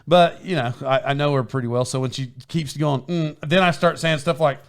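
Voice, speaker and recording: A man hosting a podcast, telling a story in casual chat, rambling and animated, often laughing and restarting his sentences. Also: mid-range voice, a little fast, gravelly. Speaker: podcast host. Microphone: microphone with foam windscreen.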